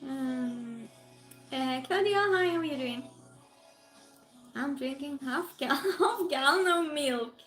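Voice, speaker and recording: Hosting a relaxed livestream from home, a high-voiced woman speaks slowly in British English with a Norwegian lilt. One by one she greets her viewers and reads out what they write. The room is echoey, and soft music plays underneath.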